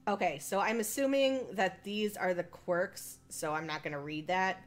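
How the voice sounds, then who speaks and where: A woman's voice: mid-range voice, moderate pace, faint music behind. A young woman streaming a visual novel, chatting casually and reading the text aloud, rambling and laughing at herself. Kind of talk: casual let's-play chat and reading aloud.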